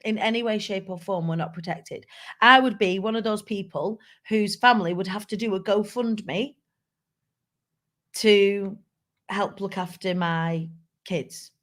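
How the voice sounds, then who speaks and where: A woman's voice: mid-range voice, a little slow, a bit bright. A woman hosting a live show, talking candidly and chattily to viewers and reading out their comments. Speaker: live show host and speaker. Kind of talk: casual live-stream talk.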